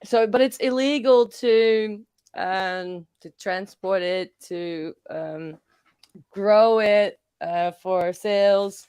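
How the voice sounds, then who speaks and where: A woman's voice: mid-range voice, very slow, a little mellow, clear, resonant tone, no room sound. Chatty Dutch woman on a call. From Netherlands. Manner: chatty, laughing, many fillers and restarts. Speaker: panel guest. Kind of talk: casual livestream chat.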